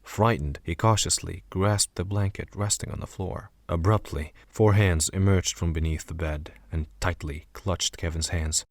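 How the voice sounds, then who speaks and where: A man narrating a horror story audiobook in a measured, steady way. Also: deep voice, dry recording. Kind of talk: scripted narration.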